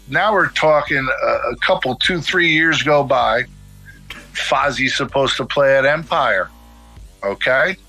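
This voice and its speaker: A middle-aged man with a bright, forceful voice tells a story to podcast hosts, acting out each line of dialogue in quotes. His pitch sits right in the middle for a man, and faint music plays underneath. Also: low-quality recording. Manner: animated, acts out dialogue in quotes. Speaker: guest musician telling a story.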